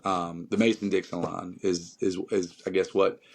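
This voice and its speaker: A man's voice: low-pitched, level tone, moderate pace, a little hiss or hum. A man from North Carolina with a Southern accent, a musician guest chatting casually and emphatically, rambling with many fillers. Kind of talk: casual podcast chat.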